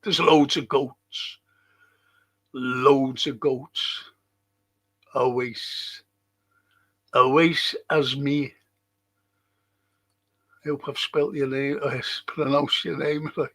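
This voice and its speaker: Slow-talking guy reading chat on his stream, gravelly bright voice. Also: mid-range voice, flat delivery. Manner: reads viewer comments aloud, chatty and warm-hearted asides. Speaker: livestream host reading chat. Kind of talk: casual livestream chat.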